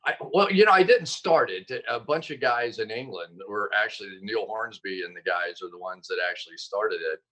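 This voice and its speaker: Animated man on a video call. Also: on the low side, rough recording. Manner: animated storyteller, quick self-corrections. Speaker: guest, football analyst. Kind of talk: casual interview chat.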